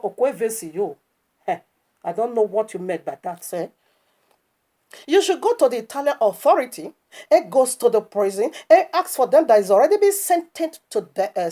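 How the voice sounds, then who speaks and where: A woman's voice: fairly high pitch, warm tone. A woman preaching online in an impassioned, scolding commentary that is full of rhetorical questions and stammered restarts.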